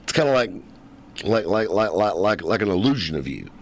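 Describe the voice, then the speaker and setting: A man's voice: lowish voice, big pitch swings, a little fast, a little hiss or hum. A man hosting a casual talk show, rambling and joking with lots of fillers. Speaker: podcast host. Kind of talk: casual chat.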